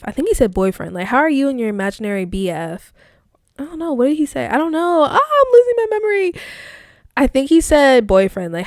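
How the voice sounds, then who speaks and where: A woman's voice: mid-range voice, smooth, no echo, clean studio sound. A young woman hosting a casual solo podcast, reflecting aloud as she reads her old online posts, talking in a chatty, reflective way full of fillers. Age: young adult. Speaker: podcast host.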